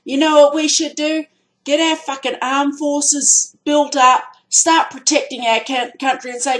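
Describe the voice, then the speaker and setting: A fairly high-voiced Australian woman delivering an angry vlog rant. She talks bluntly and swears freely, and her voice climbs into loud, heated outbursts. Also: normal speed, low-quality recording.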